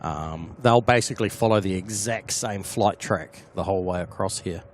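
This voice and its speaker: A man's voice: low-pitched, moderate pace, a little hiss or hum. A man with a New Zealand accent hosting a casual plane-spotting live stream, chatting and answering viewers by name.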